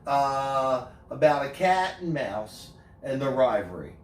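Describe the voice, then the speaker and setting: A man's voice: medium pitch, big pitch swings, slow pace, slight background noise. A middle-aged man co-hosting a casual countdown, reading through lists with plenty of fillers and hesitations. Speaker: co-host. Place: bar with live audience. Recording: echoey room from far off, faint ambience.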